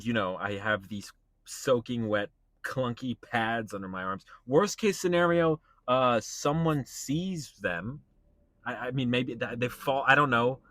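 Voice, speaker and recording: A young man with a bright, forward tone rants in his car, incredulous and animated, with his voice jumping up as he acts out other people. He talks in a loose, casual way, full of fillers and exclamations. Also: medium pitch, no echo. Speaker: stand-up comedian vlogging. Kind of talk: casual rant while driving.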